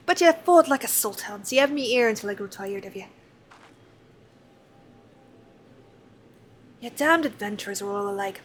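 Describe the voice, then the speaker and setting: A woman's voice: on the high side, a little hiss or hum, lightly acted. A woman voicing a chatty, fond old pirate crewmate in a salty sailor's dialect while reading game dialogue aloud. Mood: grumbling.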